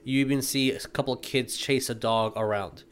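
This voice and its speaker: A man narrating as game master for a tabletop game, relaxed and full of fillers. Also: medium pitch, normal speed.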